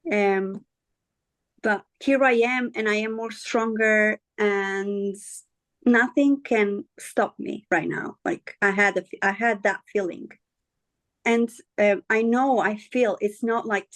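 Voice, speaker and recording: A woman's voice: mid-range voice, no echo. Earnest woman speaking with a dry sound. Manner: earnest, halting, often searching for words. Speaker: guest sharing her story. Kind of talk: candid conversational interview.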